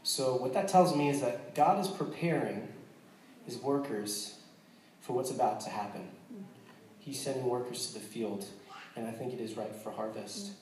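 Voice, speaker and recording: A man's voice: mid-range voice, moderate pace, a little mellow, heavy reverb, distant mic, a little hiss or hum, rough recording. An American man, a missionary, talking earnestly with a congregation, joking in between and restarting his sentences often. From United States. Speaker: missionary speaking to a church. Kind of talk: casual testimony to a congregation.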